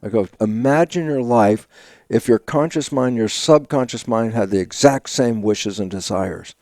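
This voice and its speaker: An older man, a biologist guest in an interview, telling stories with lively acted-out quotes of his own inner dialogue and frequent laughs. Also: medium pitch, normal speed, no echo. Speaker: guest, stem cell biologist. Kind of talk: animated storytelling interview talk.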